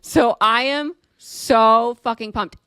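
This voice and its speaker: A woman co-hosting a pop-culture podcast, chatting casually and getting excited fast. She swears freely and breaks into laughs often. The sound is close and dry, with no room echo. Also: on the high side, clean tone. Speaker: podcast co-host. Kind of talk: casual chat.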